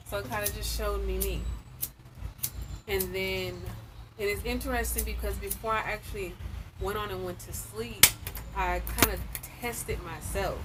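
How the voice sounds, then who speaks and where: A woman guest telling a story in casual chat outdoors, animated and chatty. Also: mid-range voice, background noise. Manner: animated storytelling, lively quoted asides.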